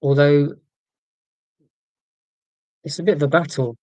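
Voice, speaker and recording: A man in his forties with an English accent from near London, hosting a casual livestream and answering viewer comments in a monotone, deliberately clear way. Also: on the high side, dry recording, poor audio. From England, near London. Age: 40s. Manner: monotone, careful and deliberate about being clear. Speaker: livestream host.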